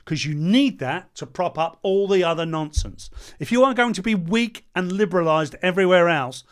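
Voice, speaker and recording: A man giving a ranting commentary, reading out points and then mocking them with sarcastic jabs and insults. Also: a little high. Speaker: political commentator.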